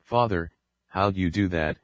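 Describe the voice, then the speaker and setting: A man's voice: low-pitched, a little slow, no echo, muffled recording. A man voicing a remorseful, timid young son who pleads and apologizes, in an audiobook reading. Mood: ashamed.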